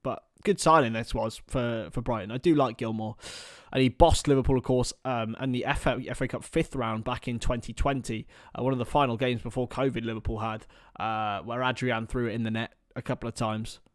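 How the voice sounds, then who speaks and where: Football fan commentator, young adult, casual chatty tone, dry sound, loud excited shouts at big moments. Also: male voice, mid-range voice, a little fast, hardly any pauses, no room sound. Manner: partisan, rises to excited shouts at chances. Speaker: watchalong commentator, Liverpool fan. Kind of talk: live fan commentary with chat.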